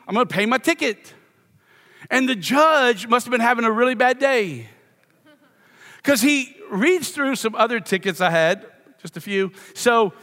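Middle-aged louisiana pastor, higher voice for a guy, joking about himself, lots of church hall echo. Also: pushed and bright. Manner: self-deprecating storyteller, playful asides. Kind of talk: sermon with humorous personal story. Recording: long reverb of a church hall.

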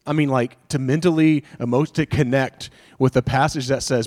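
A man delivers a sermon in an earnest, conversational way. He restarts his phrases and asks his listeners rhetorical questions. His voice sits at a medium pitch. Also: fairly even intonation, normal speed, few pauses, darkish tone. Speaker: pastor.

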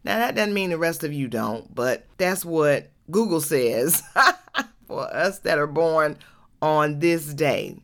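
A woman from Georgia, hosting her own podcast in a casual, chatty way, laughing often and saying y'all. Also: low voice. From Georgia, USA. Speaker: podcast host.

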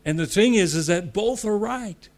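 His voice sits high and is expressive, moving at a moderate pace. Preaching to church leaders, this man from the United States talks conversationally, repeats phrases for emphasis, drops in asides, and rises to loud, emphatic pronouncements.

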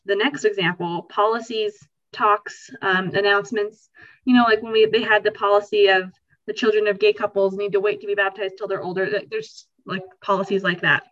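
A woman hosting a podcast, explaining ideas in a lively, conversational way and acting out what people might feel. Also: medium pitch, normal speed, muffled recording. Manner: animated, acts out quoted feelings. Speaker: podcast host.

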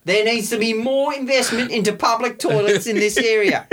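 A man putting on a pompous male council official who defends himself in a mock-formal, slow way. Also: extremely high pitch, steady tone, a bit bright, slight background noise. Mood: mock-indignant.

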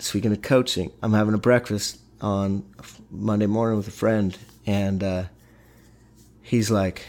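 Lower-voiced man telling a personal story. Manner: animated, halting, many restarts. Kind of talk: casual storytelling.

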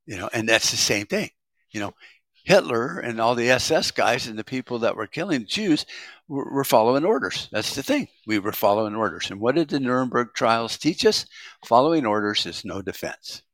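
A man's voice: medium pitch, sing-song, moderate pace, fairly bright tone, no room sound. An American man giving a rambling, profane monologue as a prepper vlogger, with frequent restarts.

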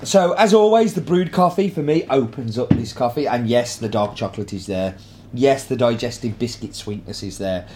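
A man hosts a relaxed coffee tasting vlog in a mid-pitched voice. He chats enthusiastically and leans on plenty of ums and uhs. Faint background noise hums behind him. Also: normal speed. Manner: enthusiastic, chatty, filler-heavy. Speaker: coffee roaster host.

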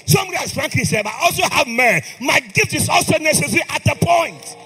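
A man's voice: very high-pitched, expressive, fast talker, pushed and bright. A man preaching a sermon in a church, impassioned and calling on the congregation to respond. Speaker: priest. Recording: long hall reverb with faint music.

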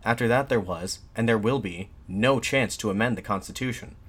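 A man voicing a defiant nationalist addressing soldiers from a balcony, in an impassioned, shouted pleading manner. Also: lowish voice, moderate pace, slightly rough. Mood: fervent, shouting.

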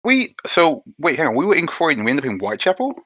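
A man's voice: fairly high pitch, very animated, fast talker, a bit bright, no room sound. A man playing a tabletop game, talking jokily and playfully in character and out. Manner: jokey, playful. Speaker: player. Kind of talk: casual tabletop role-play.

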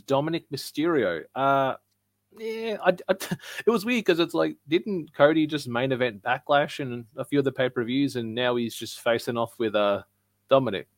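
A man co-hosting a casual live-stream podcast chats easily and laughs often as he moves from topic to topic. His voice sits in an ordinary middle pitch and is captured close and dry, with almost no room sound. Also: no room sound. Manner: chatty, laughs often, reads viewer comments aloud. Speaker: podcast co-host.

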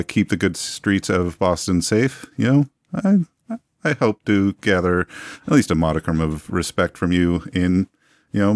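Deep-voiced florid showman, 1920s curator type, dry close sound voiced by a male player. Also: no room sound. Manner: florid, long-winded, genteel phrasing. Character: pompous male 1920s museum owner, smooth-talking. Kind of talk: tabletop role-play in character.

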